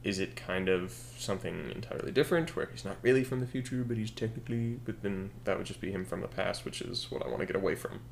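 A young man co-hosting a podcast, thinking a story out loud in casual chat with lots of fillers and self-corrections. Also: deep voice, fast talker, gravelly, hardly any pauses, a little hiss or hum. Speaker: podcast co-host.

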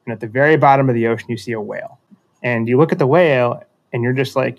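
A man's voice: medium pitch, fast talker. A man telling a metaphorical story in a casual conversation, reflective and self-deprecating, often restarting sentences.

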